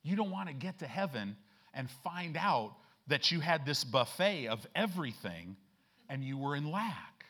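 A male pastor delivering a church sermon in a folksy, conversational way. He keeps checking in with his listeners and leans hard on key lines, slowing down and rising in pitch as he drives them home. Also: big pitch swings, fairly bright tone. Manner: folksy, emphatic preaching with frequent "right?" checks; slows and rises in pitch and volume to stress scripture.

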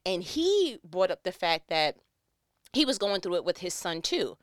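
A woman's voice: lowish voice, big pitch swings, a little slow, dry recording, clean studio sound. A woman, a mother, telling funny family stories in a casual, playful, slangy way, often breaking into laughs. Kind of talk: casual storytelling monologue.

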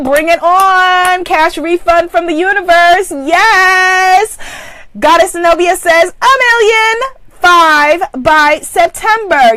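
A woman's voice: extremely high pitch, fairly bright tone, no echo. A woman leading a live online abundance coaching session, exuberantly affirming and reading out viewers' comments. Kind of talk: live-streamed motivational coaching.

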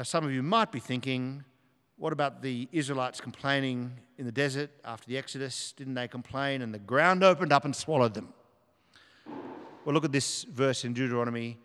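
A man delivers an earnest sermon, reading scripture aloud with strong emphasis. His voice sits at a medium pitch. It rings out with a long reverb in a church hall. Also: a bit bright, clean tone. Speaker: preacher.

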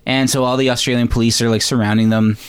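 A man chatting casually as a podcast co-host. He retells film scenes with energy, and his voice leaps up high when he gets worked up. Give him mid pitch and loose, conversational pacing. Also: fast talker, smooth. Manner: animated, rises high when ranting. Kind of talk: casual movie recap chat.

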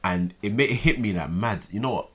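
A man chatting casually about football as a co-host, emphatic and animated, often repeating his words. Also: lowish voice, fairly quick, slightly rough.

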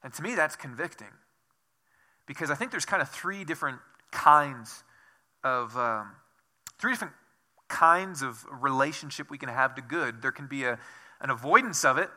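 Bright-voiced man preaching a sermon. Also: mid-range voice, animated, normal speed, pauses often. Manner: conversational, self-deprecating storytelling; asks the listeners many questions. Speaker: pastor.

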